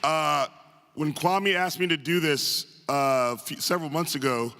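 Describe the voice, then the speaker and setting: A man from the northern United States tells funny, self-deprecating stories to an auditorium crowd, chatty and full of quick asides. His voice is slightly high, bright and forceful. A long hall reverb trails behind every phrase from the stage microphone. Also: a little hiss or hum. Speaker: guest speaker at a tribute event. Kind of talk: humorous anecdotal speech to a live audience. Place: large arts center auditorium.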